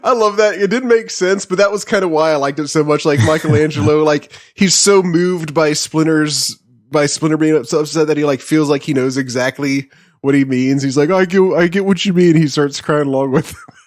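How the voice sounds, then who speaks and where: Man, podcast co-host, higher pitch, giggly and eager, dry close sound. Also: fairly even intonation, normal speed, dry recording. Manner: giggly, eager to point out small details. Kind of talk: casual chat.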